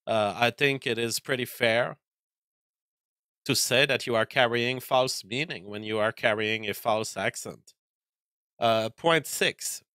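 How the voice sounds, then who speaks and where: Man, commentary host, bright, forceful voice, dry close sound, hesitant with many fillers. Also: mid-range voice, unhurried, smooth, no echo.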